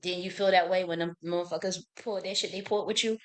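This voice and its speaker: A woman's voice: on the low side, fairly even intonation, quick pace. A woman hosting a live stream, talking in a casual, profane and emphatic way and breaking off to read verses aloud. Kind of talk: casual livestream monologue. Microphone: streaming setup.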